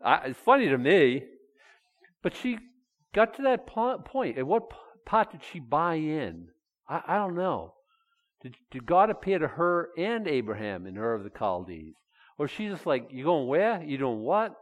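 Folksy, animated preacher man. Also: a little high, measured pace, big-room sound. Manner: folksy and animated, acts out Bible figures in dialogue. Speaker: pastor. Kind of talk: conversational sermon.

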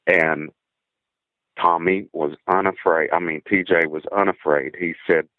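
A man with a very low, deep voice tells an encounter story from his past over a thin, tinny phone line with no room sound at all. He speaks earnestly and haltingly, often repeating a word before pressing on. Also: fairly even intonation, no echo. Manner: earnest, halting, repeats words when tense. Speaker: guest telling a personal encounter story. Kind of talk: first-person encounter story.

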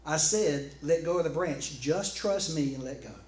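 A man voicing a calm, wry God. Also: a little high, normal speed, lightly acted. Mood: reassuring. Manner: calm, reassuring, a little wry. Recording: echoey room with faint background noise.

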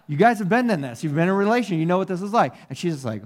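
A man's voice: high voice, very animated, fast, few pauses. Chatty man preaching a homey story. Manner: conversational, self-deprecating, asks the congregation "right?". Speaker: pastor. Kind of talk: sermon with personal story.

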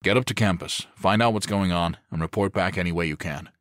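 A man's voice: deep voice, a bit bright, dry recording, clean studio sound. A man voicing a somber police captain briefing his team in an audiobook. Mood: grave. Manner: grave, measured. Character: somber middle-aged male police captain.

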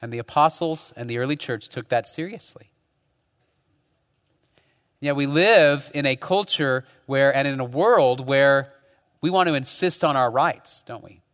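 A man's voice: medium pitch, measured pace, fairly bright tone. Pastor man preaching in an echoey hall. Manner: conversational, with frequent rhetorical tag questions. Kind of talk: sermon. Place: church.

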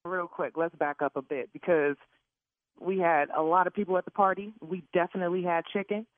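A woman taking a phone call, talking in a loud, blunt and very expressive way. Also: on the low side, a little fast, dry recording. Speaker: caller being pranked. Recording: tinny phone line.

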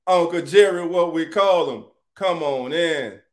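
A man hosts a casual live sports talk stream. His voice sits a bit high for a man. He talks in an animated way and greets his viewers by name as family. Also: unhurried, hardly any pauses. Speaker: sports talk show host.

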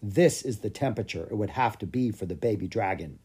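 A man reading a children's book aloud as scripted narration, with a lively storytelling manner. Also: on the low side, fairly quick, breathy edge. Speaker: audiobook reader.

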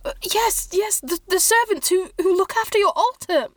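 A woman's voice: extremely high pitch, normal speed, no room sound, voice pushed up. A woman voicing a panicked young male monk who stammers and grovels with apologies. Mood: panicked groveling.

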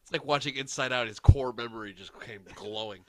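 A man co-hosting a casual podcast chat, throwing out deadpan wisecracks. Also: mid-range voice, a little fast, crowd noise. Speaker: podcast co-host.

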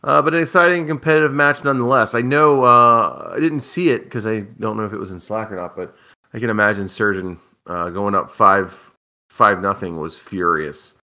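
Sleepy low-voiced wisecracking man. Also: normal speed, bright, forceful tone. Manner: drowsy, wisecracking. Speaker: podcast co-host. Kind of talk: casual chat.

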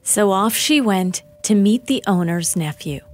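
A woman reporter delivering scripted documentary narration in a measured, grave manner. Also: medium pitch, lively intonation, faint music behind.

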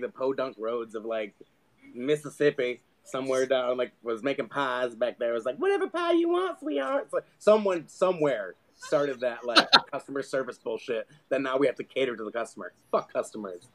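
A man's voice: mid-range voice, a little fast. A man co-hosting a crude comedy chat, ranting with heavy profanity and frequent laughter. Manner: profane, ranting, laughs often, mocking voices.

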